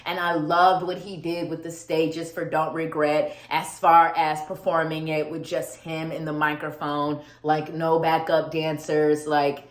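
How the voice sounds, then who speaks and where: Enthusiastic woman vlogger, animated and gushing, recorded in a reverberant room. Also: lowish voice. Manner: gushing, animated, laughs often, repeats words for emphasis. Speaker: vlogger reviewing a music album. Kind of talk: casual excited vlog talk. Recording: echoey room.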